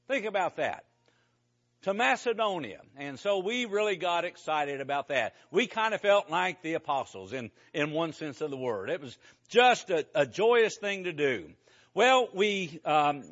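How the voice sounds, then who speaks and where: A man preaching to a congregation, telling a lively story about a mission trip with casual asides to the listeners. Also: high-pitched, lo-fi sound. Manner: conversational, animated storytelling with asides to the audience. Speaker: preacher giving a mission report.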